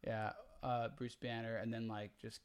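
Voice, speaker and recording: A man's voice: mid-range voice, flat delivery, normal speed, smooth. A man co-hosting a casual film chat, laid-back with sarcastic mock quotes. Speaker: podcast co-host.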